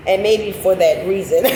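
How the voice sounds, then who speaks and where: Middle-aged woman, casual storytelling, animated, profane, echoey sound, loud background noise. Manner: animated, profane, laughs into high squeals.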